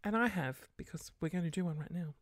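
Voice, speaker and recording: A woman's voice: on the low side, fast, no room sound, studio quality. A woman hosting a casual solo podcast late at night, rambling and sarcastic, muttering curses under her breath. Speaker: podcast host.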